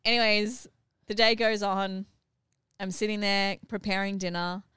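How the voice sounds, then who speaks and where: A middle-aged woman hosting a family podcast, animated and laughing as she retells a family story. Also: mid-range voice, measured pace, clear, resonant tone, no room sound, studio quality. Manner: animated, acts out what others said, laughs while telling. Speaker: podcast host and mother.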